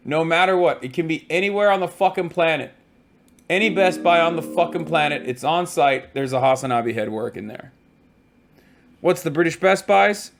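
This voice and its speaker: A tired man streaming from a hotel room, telling stories in a casual, profane, animated way. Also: a little high. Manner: profane, animated storytelling with mock quotes.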